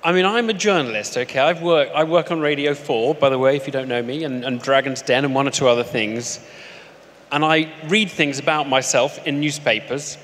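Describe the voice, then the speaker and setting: A man's voice: medium pitch, brisk, fairly bright tone. A male journalist hosting a live on-stage interview, asking probing, provocative questions. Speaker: host and journalist. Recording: long hall reverb, faint noise.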